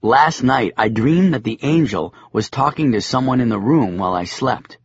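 A man reading a comic first-person novel aloud, with wry, deadpan storytelling. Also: mid-range voice, normal speed, slightly rough, no echo. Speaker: audiobook narrator. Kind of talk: scripted comic narration. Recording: dull, lo-fi audiobook sound.

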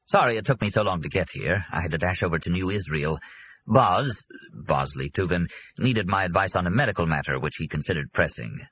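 A man's voice: low-pitched, lively intonation, a bit bright, slight background noise. A man reading as a smug lecturing psychiatrist. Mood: measured. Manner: measured, lecturing. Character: smooth, self-satisfied middle-aged male psychiatrist.

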